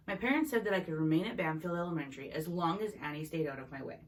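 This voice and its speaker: A woman's voice: sits low, quick pace. A woman reading a novel chapter aloud in an unpolished way, with small slips and restarts. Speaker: reader. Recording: voice a bit distant from the mic.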